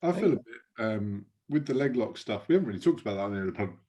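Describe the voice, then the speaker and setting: A man co-hosting a podcast over a video call, asking halting questions and laughing often. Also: fairly low pitch, expressive, dark tone. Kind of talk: casual interview chat.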